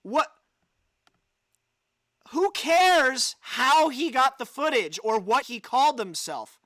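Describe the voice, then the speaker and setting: A man's voice: extremely high pitch, animated, slow pace, a bit bright, no room sound. Sarcastic, exasperated man on a livestream. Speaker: livestream host. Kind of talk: ranting live commentary, reading an article aloud.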